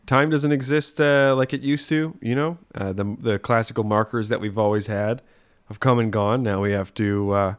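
A man co-hosting a podcast in casual chat, musing in a relaxed way. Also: lowish voice, moderate pace, clean tone, no room sound, studio quality. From Canada. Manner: musing, relaxed, uses "you know". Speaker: podcast co-host.

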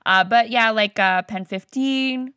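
A woman comedian, a guest, chatting casually and animatedly in an interview, laughing and tossing off quick asides. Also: on the high side, pushed and bright, smooth, dry recording, studio quality.

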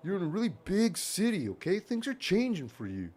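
A man voicing an excitable young male groomsman who gushes over his friend and keeps saying "man". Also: high-pitched, brisk, voice pushed up, exaggerated voice. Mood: emotional, fond. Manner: gushing, repeats "man" constantly.

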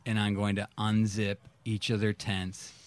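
A man on a podcast telling a personal story in casual chat, acting out his own past reactions with sudden jumps in pitch. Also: completely flat delivery, measured pace, no room sound. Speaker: podcast guest.

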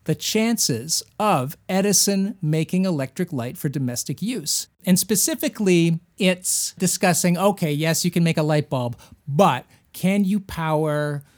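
A man co-hosting a comedy podcast, rambling through history with absurd deadpan jokes. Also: fairly high pitch, a little slow, hardly any pauses. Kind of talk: casual comedic chat.

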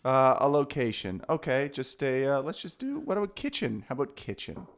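A man's voice: medium pitch, huge pitch swings, brisk. A man telling a rambling comedy anecdote among friends, hesitant with many fillers.

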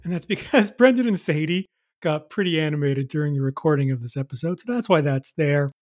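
A man hosting a comedy quiz podcast, playful and animated, joking as he introduces his guests. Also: a little high, fairly quick. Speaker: quizmaster host.

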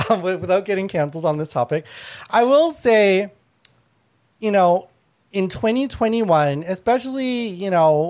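A woman's voice: on the low side, darkish tone. A woman hosting a comedy panel chat, blunt and antagonistic, who laughs often between her lines. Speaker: panel show host.

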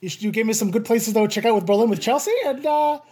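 A man from Canada, hosting a podcast and telling stories in a rambling, animated way with plenty of fillers. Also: sits high, quick pace. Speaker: podcast host. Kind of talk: casual chat.

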